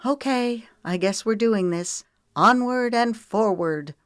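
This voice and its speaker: A woman's voice: deep voice, lively intonation, measured pace, dry recording, studio quality. A woman narrator voicing a sarcastic young woman who teases her friend. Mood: teasing. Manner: sarcastic, teasing.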